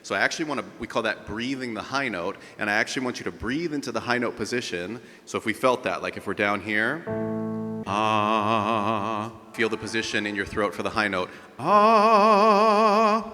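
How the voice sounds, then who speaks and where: A man's voice: lowish voice, fast talker, hardly any pauses, pushed and bright, big-room sound, faint music behind. A man teaching a live group voice lesson as a vocal coach, explaining technique and demonstrating sounds.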